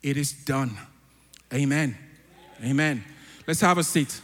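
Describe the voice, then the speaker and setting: A man's voice: medium pitch, slow pace, in a large hall, slight background noise. A man with a mixed African and British accent, a church elder preaching a sermon and praying aloud with fervor. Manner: fervent, rising to loud declarations in prayer. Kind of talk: sermon with spoken prayer. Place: church hall.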